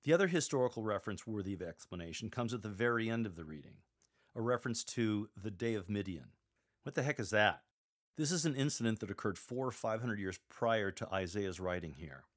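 A man's voice: on the low side, expressive, fairly quick. Wry man coaching scripture readers. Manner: wry asides, emphatic instructions. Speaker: lector coach. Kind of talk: teaching scripture reading.

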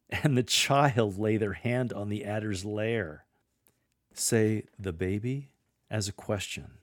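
A man's voice: lowish voice, takes it slowly, dry recording, studio quality. A man coaching readers on how to proclaim scripture, demonstrating the passages himself. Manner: coaching, demonstrating readings with shifting tone. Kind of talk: instructional podcast on reading aloud.

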